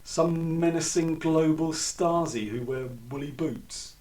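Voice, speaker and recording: A man's voice: fairly high pitch, slow, a little mellow, pitched above the performer's own voice. A man voicing a confused, timid middle-aged man, heard from a distant mic. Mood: bewildered.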